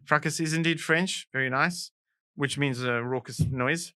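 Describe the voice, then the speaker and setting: A playful South African man reading out quiz questions on a podcast, his voice higher than most men's and smooth. He speaks with a lively, bright lilt into a dry, close mic. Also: moderate pace, no echo. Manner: playful, explains with relish. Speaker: podcast co-host, quizmaster. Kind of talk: casual trivia chat.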